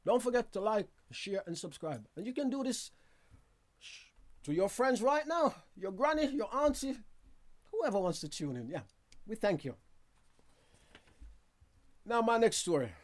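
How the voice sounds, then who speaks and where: A man hosting a casual news roundup from a studio, chatty and quick to laugh at himself, with asides to his viewers. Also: high voice, big pitch swings. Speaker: news show host.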